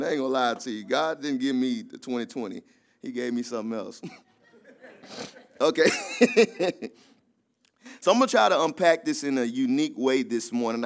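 A man preaching a sermon in an emphatic, conversational style. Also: medium pitch. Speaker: pastor.

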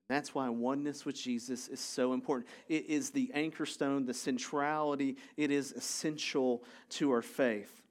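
A man's voice: mid-range voice, fairly even intonation, moderate pace, few pauses. A male pastor giving a sermon in a conversational way, explaining ideas step by step with joking asides.

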